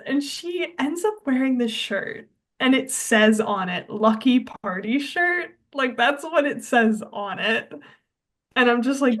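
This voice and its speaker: A woman's voice: fairly high pitch, lively intonation, slow. A young adult woman co-hosting a podcast, retelling a film in a chatty way, full of "like" and acted-out quotes. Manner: chatty storyteller, many "like"s, acts out quotes. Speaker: podcast co-host. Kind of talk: casual chat.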